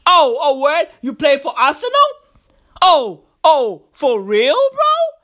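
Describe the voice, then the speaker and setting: Mocking, brutish footballers, as a man puts them on, their taunts swooping from squeaky to growled. The lines come slow and drawn out, full of menace. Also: wildly swooping pitch, bright, forceful tone, full character voice.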